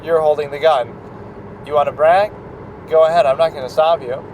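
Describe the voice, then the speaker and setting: A man voicing a calm, gloating male serial-killer mastermind, reading his lines slowly and smugly. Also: fairly high pitch, a little hiss or hum, lightly acted, poor audio. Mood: taunting. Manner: soft-spoken, slow and smug.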